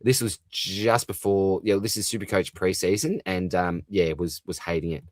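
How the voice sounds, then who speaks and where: A young man with an Australian accent talks easily into a close, dry microphone at home. His voice sits on the low side as he answers viewer comments one after another in a relaxed livestream chat. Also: moderate pace, no echo. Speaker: fantasy football livestream host. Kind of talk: late-night casual livestream chat.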